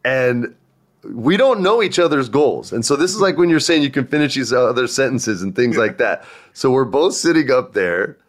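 A man's voice: medium pitch, moderate pace. A man hosting a podcast, telling stories in a casual chat and acting out the voices of the people he quotes. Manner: animated, acts out quoted voices. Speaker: podcast host.

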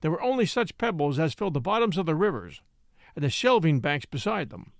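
A man's voice: on the high side, very animated, a little fast, creaky, dry recording, clean studio sound. A man reading an audiobook, voicing a fierce grown ape-man who growls his demands. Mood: menacing. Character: fierce adult male jungle ape-man.

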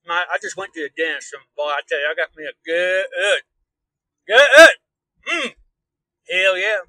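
A man with a rural Kansas drawl rambles in a crude, mock-folksy hillbilly tour-guide act from behind the wheel. His voice sits high and sounds very bright and forceful. The recording is close and dry. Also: a little fast, no room sound, rough recording. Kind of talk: comedic in-character live stream. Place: inside a car while driving.

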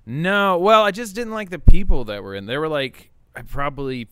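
A man's voice: fairly high pitch, normal speed, sharp tone, clean tone, no echo. A young man from the American South with a Southern accent, a comedian guest chatting casually on a podcast, rambling and laughing at his own jokes. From Arkansas, US South. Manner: rambling, self-amused, often breaking into laughs.

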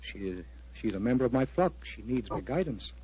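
A man's voice: medium pitch, lively intonation, fairly quick, dark tone, breathy edge, no room sound. An actor playing an agitated, earnest clergyman in a vintage radio drama, pleading and intense. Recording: dry, dull lo-fi old radio recording.

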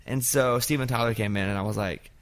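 A man's voice: fairly low pitch, quick pace. A man who hosts a radio show, chatting casually with a guest. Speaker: radio host. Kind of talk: casual interview chat.

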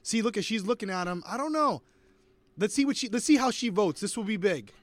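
A man's voice: high-pitched, lively intonation, fairly quick, no room sound. A man co-hosting a podcast, reacting in casual chat, hyped up and cheering at the screen. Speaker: podcast co-host.

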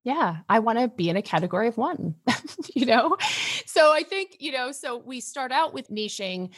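A woman's voice: a little high, expressive, normal speed, no echo, clean studio sound. A woman business coach, a podcast guest, explaining energetically with emphatic phrasing and frequent laughs. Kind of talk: casual podcast interview.

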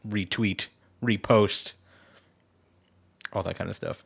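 Low-voiced joking podcast co-host. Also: male voice, fairly even intonation, slow pace, gravelly, husky. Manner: joking, laughs often. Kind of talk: casual podcast chat.

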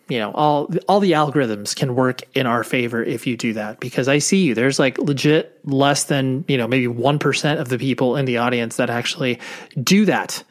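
A man hosting a podcast, giving a chatty, upbeat introduction and repeating words for emphasis. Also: mid-range voice. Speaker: podcast host.

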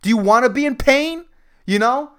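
A man's voice: very high voice, animated, moderate pace, pushed and bright, clear, resonant tone. A man hosting a solo comedy podcast, ranting in a profane, rambling way and laughing at his own jokes. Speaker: podcast host.

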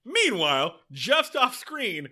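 A man's voice: very high-pitched, huge pitch swings, slow, bright, forceful tone. A man co-hosting a podcast, recapping a TV episode in casual, sardonic chat and swearing freely. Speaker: podcast co-host.

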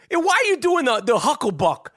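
A man hosting a podcast, talking sports in a profane, rambling, excitable way. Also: very high voice, normal speed, no room sound, studio quality. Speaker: podcast host. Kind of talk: casual sports chat.

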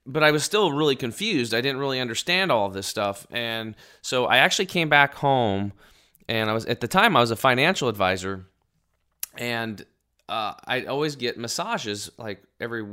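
A man's voice: medium pitch, bright, forceful tone. A middle-aged man casually telling an emotional personal story, rambling and acting out the people he quotes.

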